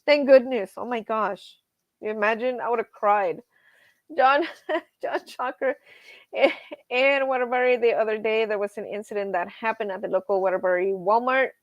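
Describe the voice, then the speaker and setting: A woman hosts a casual evening livestream, chatting freely and reading her viewers' comments aloud. Her voice sits a little high, and she tells stories animatedly with frequent laughter. The sound is close and dry. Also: normal speed, dry recording, highs cut off. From grew up on a ranch. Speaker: livestream host.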